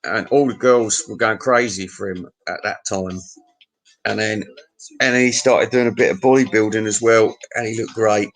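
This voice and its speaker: A man's voice: fairly low pitch, steady tone, moderate pace, rough recording. A man telling a crude, meandering pub anecdote and chuckling at his own tale. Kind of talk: rambling pub anecdote monologue.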